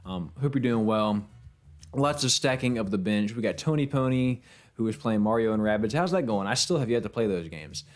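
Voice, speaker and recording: A man's voice: lowish voice, lively intonation, fairly quick. A tired man streaming a game. He chats casually in a rambling, easygoing way, laughs often, and fills his talk with fillers. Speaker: game streamer and voiceover actor. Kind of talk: casual live-stream chat.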